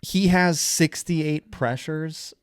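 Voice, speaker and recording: A man co-hosting a casual podcast, chiming in with quick agreement and laughing along. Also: on the high side, clear, resonant tone, no room sound, studio quality. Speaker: podcast co-host. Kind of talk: casual chat.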